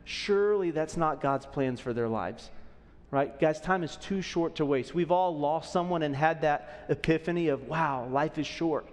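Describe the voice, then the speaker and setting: A man's voice: on the high side, moderate pace, long reverb tail. A man in his thirties preaching a sermon as a pastor, conversational and often checking in with the audience. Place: church auditorium.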